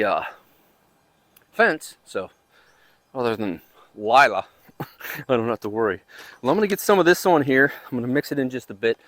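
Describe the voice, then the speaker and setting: Chatty man with a lively voice. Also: a little high, no room sound. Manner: rambling, chatty, talks while digging. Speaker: gardening channel host. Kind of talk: casual chat. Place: outdoor backyard garden.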